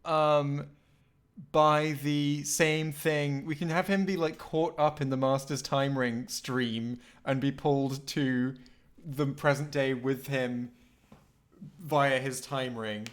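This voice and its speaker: A man chatting on a livestream as co-host, excitable and quick to laugh, tripping over his words as he pitches ideas for a script. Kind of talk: casual livestream chat, improvising a script.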